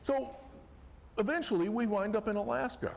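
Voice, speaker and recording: A middle-aged man telling a personal fishing story on a festival stage, folksy and animated, swinging from hushed to loud excitement. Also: high voice, normal speed, creaky, background noise. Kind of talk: live storytelling performance. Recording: live hall recording with long reverb, faint ambience.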